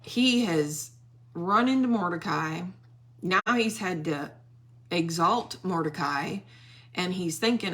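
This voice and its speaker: A woman leading a Bible study, walking listeners through a scripture story at an unhurried pace. Her voice sits a little low for a woman. She drops into animated quoted voices for the characters.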